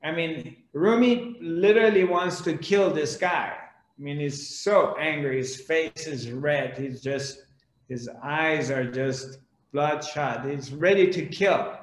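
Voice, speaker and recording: A man's voice: on the high side, takes it slowly, roomy sound, low-quality recording. A man giving a spiritual discourse, telling a story animatedly and acting out the characters. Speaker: spiritual teacher.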